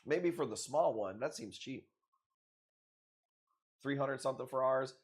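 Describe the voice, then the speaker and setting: A man running a live stream, talking to his viewers in an easygoing, off-the-cuff way. He jokes and curses freely, and his pitch sits at an ordinary middle height for a man. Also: expressive, a little slow. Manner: loose, profane, joking banter with frequent laughs. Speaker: live stream host selling corals.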